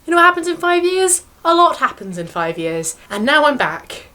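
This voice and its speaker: A woman's voice: high-pitched, very animated, normal speed, pushed and bright. A young woman who grew up in China, talking casually and wryly to her camera as a vlogger. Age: young adult. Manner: wry, self-mocking, chatty.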